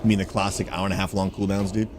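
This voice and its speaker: Lower-voiced man laughing through a game. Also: rapid-fire, background noise. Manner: excitable, laughs often, calls out plays. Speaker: gaming streamer and pastor. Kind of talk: casual gaming chat with friends.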